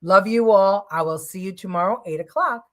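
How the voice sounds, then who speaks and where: A woman's voice: medium pitch, normal speed. A woman hosting a live news talk show, giving blunt, heated opinion commentary with frequent ums and uhs.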